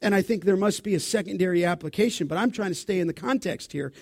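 A man preaching a sermon as pastor, asking the congregation questions and answering them himself, and reading scripture dramatically, with his voice rising loud for the quotes. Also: sits high, fast talker, dry recording, clean studio sound. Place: church.

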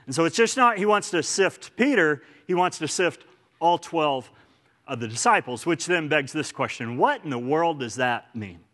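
A man's voice: on the high side, animated, moderate pace, a bit bright. A man with an Oklahoman accent preaching a sermon in church, earnest and emphatic, often repeating phrases for stress. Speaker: pastor.

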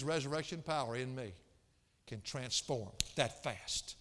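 A man's voice: medium pitch, animated, a little slow. Fervent preacher man in an echoey hall. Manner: fervent, rising to near shouts on key phrases. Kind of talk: sermon.

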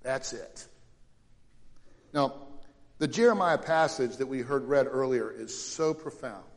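A male pastor preaching a sermon dramatically, rising to loud questions and dropping to hushed lows. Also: long reverb tail.

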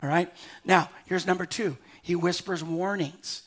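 An older man, a pastor delivering a sermon to a live congregation, moving between quiet, slowed passages and loud, urgent appeals. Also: high-pitched, steady tone, slightly rough. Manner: swings from hushed to loud and urgent.

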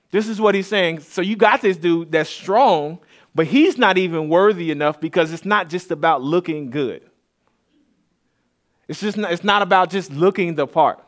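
A man's voice: on the high side, normal speed. A man preaching a casual, conversational sermon in a church. He repeats and restarts words and builds to emphatic peaks. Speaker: pastor.

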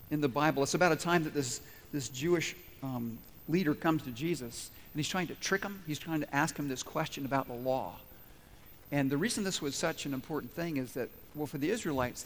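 Guy pastor preaching to his church, keeps asking the crowd stuff then answering it, long echo, faint room hum. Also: fairly high pitch. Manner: asks the congregation questions and answers them. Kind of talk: sermon.

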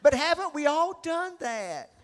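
A middle-aged pastor preaching a sermon, animated and acting out the characters he describes. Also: extremely high pitch, unhurried, some chatter behind. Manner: animated storytelling, acts out voices.

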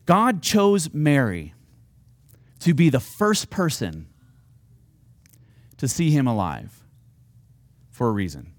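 Man, pastor, sermon, earnest, fervent appeals, animated pitch, dry recording. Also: takes it slowly, pauses often, dry recording.

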